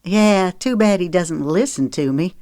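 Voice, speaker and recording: Zoe, a young mother in a storybook romance, half laughing and half complaining as her voice climbs in mock outrage, voiced by a woman reading the book. The tone is low and dry, set close to the mic with no room sound. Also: unhurried, no echo. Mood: exasperated teasing. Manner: rising, animated complaints.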